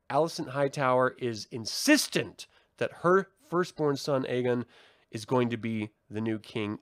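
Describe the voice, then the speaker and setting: A man casually recapping and reviewing a TV episode with animated retelling and frequent ums and uhs. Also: medium pitch, no room sound, studio quality. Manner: animated retelling, hesitant fillers.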